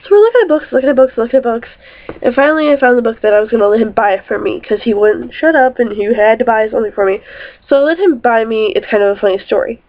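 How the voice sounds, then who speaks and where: A young woman vlogger telling a story about her boyfriend in a chatty, animated way, with some swearing. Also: fairly high pitch, fast talker. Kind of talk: storytime vlog. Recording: tinny phone-like audio.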